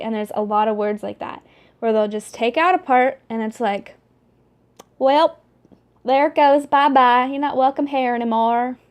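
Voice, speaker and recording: A young woman talking casually to the camera in a vlog, chatty and animated, with many fillers and restarts. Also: high-pitched. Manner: animated, talks with her hands. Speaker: vlogger.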